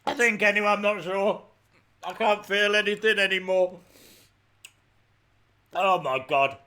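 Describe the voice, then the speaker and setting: A teary man with a runny nose hosts a live reaction stream, breaking into dramatic, exasperated outbursts. His voice sits high and sounds bright and sharp, and he takes his time between remarks. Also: unhurried.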